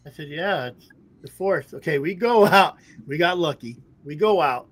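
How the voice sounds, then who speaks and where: A man's voice: a little high, animated, normal speed, a bit bright. A man hosting a podcast, telling rambling stories in casual chat and laughing often. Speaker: podcast host. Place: at home in a trailer.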